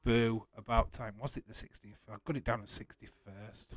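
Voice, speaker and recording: A man's voice: fairly low pitch, fairly even intonation, normal speed. A man hosting a casual live watch-along, chatting loosely and laughing often. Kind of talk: casual live-stream chat.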